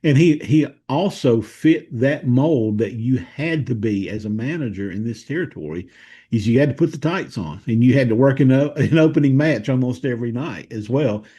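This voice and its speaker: A man co-hosting a casual podcast, thinking aloud with many pauses and restarts. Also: medium pitch, expressive, warm tone, breathy edge. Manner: thoughtful, hesitant, many fillers and restarts. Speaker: co-host of a wrestling history show.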